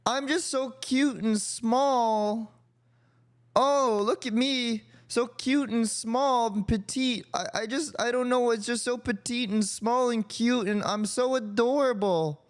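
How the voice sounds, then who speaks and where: A man voicing a simpering, self-adoring cute and petite man, mocking a friend in casual chat, with a cooing, drawn-out delivery. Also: very high voice, voice pushed up. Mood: cutesy mocking.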